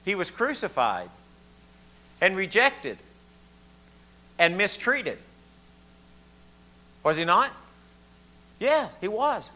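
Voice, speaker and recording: Folksy Southern preacher, bright voice. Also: male voice, fairly high pitch, sing-song, measured pace, long pauses. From southern United States. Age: older. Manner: folksy, asks the room questions, repeats words often. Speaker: pastor. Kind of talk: conversational sermon.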